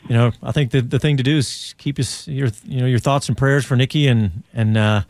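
A man hosting a motorsport radio show, relaxed and conversational as he steers the talk. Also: medium pitch, a little fast, no echo. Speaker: host.

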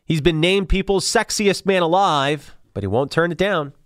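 A man co-anchoring a radio news show, reading headlines in a crisp, even way. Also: a little high, moderate pace, no echo, studio quality.

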